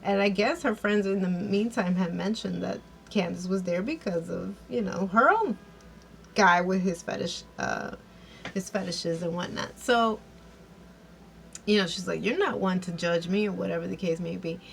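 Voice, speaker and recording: A woman's voice: lowish voice, normal speed, gravelly, slight background noise, poor audio. A woman giving a casual recap and review of a TV episode, chatty and giggly, with lots of fillers and restarts.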